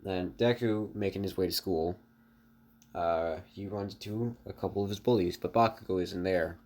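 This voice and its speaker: A man's voice: low voice, normal speed, darkish tone. A man casually narrating an improvised story, rambling with fillers and restarts and talking to his viewers. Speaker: online storyteller.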